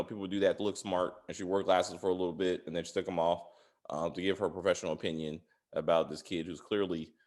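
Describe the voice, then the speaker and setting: A man hosting a casual spoiler review of a TV series, ranting with exasperated, profane commentary. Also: lowish voice. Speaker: podcast host reviewing a TV series.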